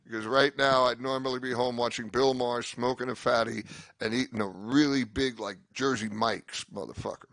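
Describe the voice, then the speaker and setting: A man's voice: medium pitch, fairly even intonation, brisk, creaky, fairly bright tone, no room sound. Rambling, profane stand-up comic, older man. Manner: rambling, profane, self-interrupting. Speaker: stand-up comedian. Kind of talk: stand-up comedy set.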